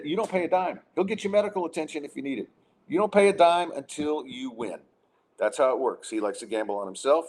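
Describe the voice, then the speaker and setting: Ranting male podcast host. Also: medium pitch. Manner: exasperated, ranting, lots of restarts. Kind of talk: casual chat and rant.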